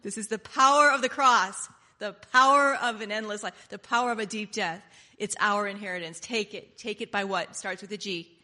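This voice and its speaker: A woman preacher delivering a sermon in an animated, emphatic way, repeating key lines and laughing often. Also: mid-range voice, moderate pace, hardly any pauses, long reverb tail.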